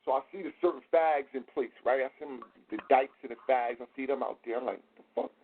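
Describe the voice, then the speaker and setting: A man hosting a casual podcast, telling stories in a profane, animated way. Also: mid-range voice, fast talker, husky. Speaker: host. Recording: tinny phone line.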